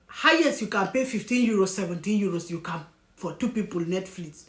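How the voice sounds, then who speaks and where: A woman's voice: medium pitch, expressive, a little fast, a bit bright. A woman vlogger giving emphatic, scolding commentary, breaking off now and then to apologize for what she says. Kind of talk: opinionated commentary. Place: lives in Germany. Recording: echoey room.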